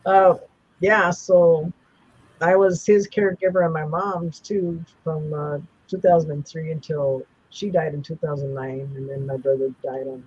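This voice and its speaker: A man's voice: a little high, fairly even intonation, a little slow, a little mellow, husky, no room sound, highs cut off. A man in his seventies tells personal stories as an interview guest, rambling with many restarts and fillers. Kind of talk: personal storytelling in a casual interview.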